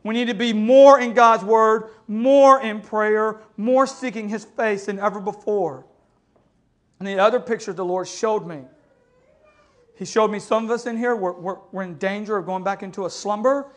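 A pastor delivering an impassioned sermon in a church, moving between loud exhortation and hushed storytelling and often asking his listeners for an amen. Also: sits high, normal speed. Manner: calls listeners "family" and keeps asking "amen?". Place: church sanctuary.

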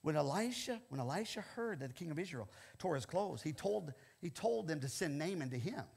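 An older male pastor delivering a sermon, animated and quick to laugh. His husky voice sits high and bright. His pitch climbs and drops widely as he preaches. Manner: animated, repeats "okay?" often, laughs between lines.

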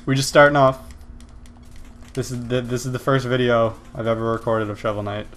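A man's voice: medium pitch, brisk, faint music behind. A man casually commenting on his own gameplay, yelping and swearing at his failures and mocking other gamers. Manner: excitable, yelps and swears at failures. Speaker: let's play gamer.

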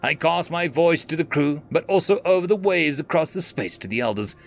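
A man's voice: a little high, animated, brisk, vocal fry. A man narrating a scripted science fiction story in a dramatic, dry manner.

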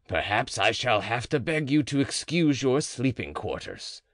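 A man's voice: medium pitch, sing-song, measured pace, fairly bright tone, no echo, clean studio sound. A man voicing a portly, worn-out provost who speaks in a heavy, formal and polite way. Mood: weary. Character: portly, worn-out middle-aged male provost.

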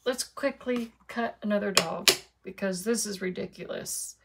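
A woman's voice: medium pitch, normal speed, gravelly, heavy background noise. A woman chatting casually to her viewers while she demonstrates card making at her craft desk.

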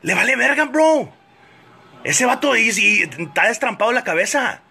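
A man ranting profanely as a comedian, switching fast between English and Spanish. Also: very high voice, expressive, pushed and bright, husky. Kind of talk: comedic rant to camera.

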